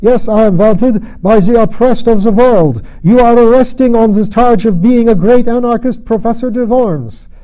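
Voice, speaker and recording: A man voicing an impostor who feigns a high, strained German accent in an audiobook reading. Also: moderate pace, few pauses, mellow, poor audio. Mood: grandiose.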